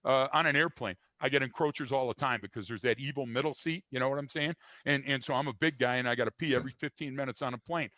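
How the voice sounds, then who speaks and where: A man's voice: mid-range voice, fast talker, hardly any pauses, sharp tone, no room sound. Blunt older man with a dry sound. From United States. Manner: blunt, emphatic, frequent restarts and fillers. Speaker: guest. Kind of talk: conversational interview.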